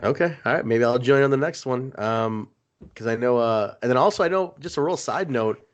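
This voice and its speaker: A man co-hosting a podcast in a loose, rambling way, cracking jokes as he goes. His pitch swings widely, rising and falling through each sentence. It is casual, unhurried chat among friends. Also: animated, muffled recording. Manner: rambling, jokey storytelling. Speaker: podcast co-host.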